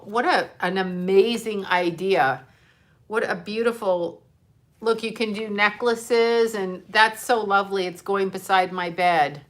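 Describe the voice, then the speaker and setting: An older woman, a grandmother, hosts a livestream where she chats casually and emotionally, rambling and swearing now and then. Her voice is mid-range with a fairly bright tone.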